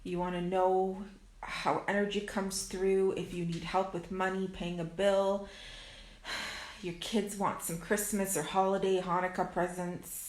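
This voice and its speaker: A woman's voice: mid-range voice, level tone, unhurried, echoey room, poor audio. A young adult woman talking candidly and emphatically in a rambling monologue, swearing freely. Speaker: spiritual content creator. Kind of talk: casual direct-to-camera monologue.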